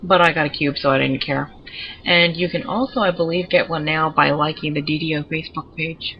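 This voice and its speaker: A woman's voice: low voice, steady tone, fairly quick, dull audio, a little hiss or hum. A woman giving chatty, digressive commentary while showing off her pets in a video game. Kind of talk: casual gameplay commentary.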